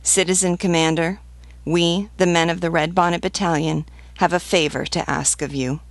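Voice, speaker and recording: A woman's voice: on the low side, steady tone, normal speed, no echo, close to an everyday voice. A woman reading the part of a blunt, devoted army sergeant who speaks earnestly and protectively in an audiobook reading. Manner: earnest, pleading, fiercely protective.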